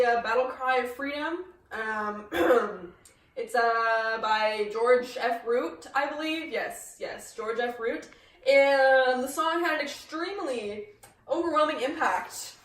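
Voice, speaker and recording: A woman's voice: on the high side, a bit bright. Woman playing a sassy male history teacher. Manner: hesitant, filler-heavy, keeps clearing throat. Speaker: teacher in a school skit. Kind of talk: amateur student skit acting. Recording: echoey room, from a distance, faint noise.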